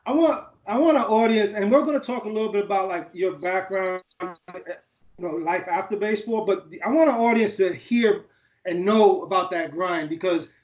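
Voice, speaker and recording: High-voiced host in an echoey room. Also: male voice, normal speed. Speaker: podcast host. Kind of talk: casual chat.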